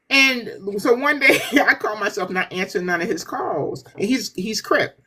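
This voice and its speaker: Woman, guest author, husky, very lively pitch, animated storytelling, casual podcast chat. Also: moderate pace. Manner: animated storyteller, laughs often.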